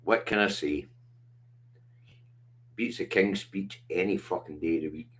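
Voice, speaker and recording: A middle-aged Scottish man hosts a livestream in casual chat, his voice low, measured in pace and a little bright. He talks bluntly and passionately, swearing a lot.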